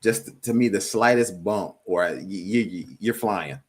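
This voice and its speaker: Casting note: a man with a low, calm voice, a steady co-host who sits back. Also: a little slow. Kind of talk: casual chat.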